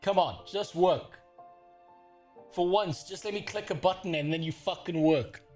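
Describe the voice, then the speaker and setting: A man's voice: sits high, a little slow, a little mellow, faint music behind. Profane ranting man. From South Africa. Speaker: livestreamer. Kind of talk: casual livestream rant.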